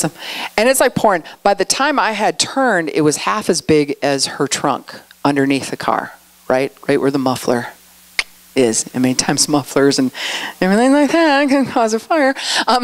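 At a church outreach, a middle-aged woman with a deep voice gives a conversational sermon at a moderate pace, telling stories and acting out quoted lines in animated voices.

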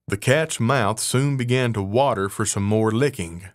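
A man reading a fairy tale aloud in a measured, unhurried way. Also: lowish voice, dry recording, studio quality. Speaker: narrator.

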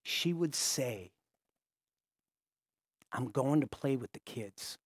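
A male pastor telling a story in a sermon in a conversational way, stopping and restarting his sentences and often dropping to a hushed voice. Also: medium pitch, expressive, slow, dry recording, clean studio sound.

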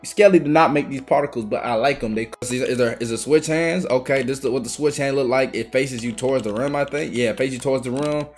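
A young man giving excitable, swearing gameplay commentary as a video host, trash talking the other players and breaking into yells. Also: mid-range voice, fast talker, few pauses, soft background music. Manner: excitable, swearing trash talk with bursts of yelling. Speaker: gaming YouTuber.

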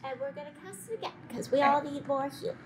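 A woman's voice: sits high, fast talker, background noise. A woman player speaking in character, playful and giggly. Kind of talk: in-character tabletop play.

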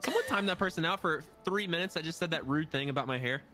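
Bright, teasing young man streamer. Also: a little high, quick pace, soft background music. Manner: teasing, dry, breaks into laughter. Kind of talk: casual gameplay chat.

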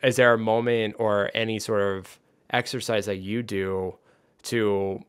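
A male podcast co-host with a low, smooth, resonant voice. He chats loosely, leaning on "like" as he works toward his questions. The sound is close and dry. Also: little pitch movement, a little slow, dry recording. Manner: loose and chatty, heavy on "like" fillers. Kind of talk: casual podcast chat.

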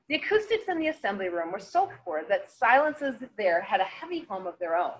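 A woman teacher reading a novel aloud to her class, in an expressive read-aloud manner. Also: mid-range voice, brisk, hardly any pauses, slight background noise, low-quality recording.

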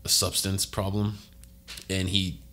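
A man's voice: deep voice, monotone, slow pace, pushed and bright. A man hosting a casual podcast chat, telling a story with lots of laughs, swearing and acted-out quotes. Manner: laughs a lot, swears freely, acts out quotes. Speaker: podcast host.

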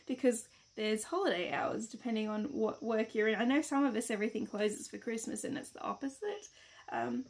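A woman's voice: on the high side, a little mellow. A woman giving a casual, reassuring tarot reading to camera, chatty and rambling with many fillers. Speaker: tarot reader.

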